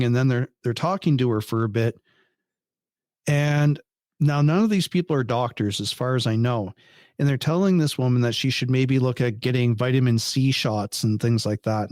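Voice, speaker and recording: A man's voice: mid-range voice, smooth, dry recording. Man, podcast guest, casual storytelling, swears often, incredulous, dry close mic. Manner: animated, swears freely, incredulous.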